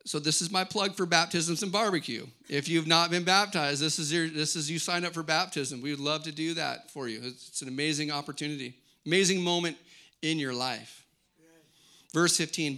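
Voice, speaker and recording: A man's voice: a little high, normal speed, sharp tone. A middle-aged man preaching a sermon, declaring scripture lines with rising intensity and then teaching in a conversational way. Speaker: pastor.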